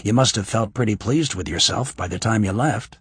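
A man's voice: on the low side, fairly quick, husky, no room sound. A man voicing an easygoing, curious young man in an audiobook, asking casual questions.

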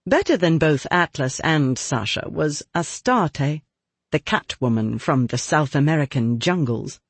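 A man reading a novel aloud as narrator, with expressive, lively storytelling. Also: fairly high pitch, unhurried, gravelly, breathy edge, dry recording. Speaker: audiobook narrator. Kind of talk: scripted narration.

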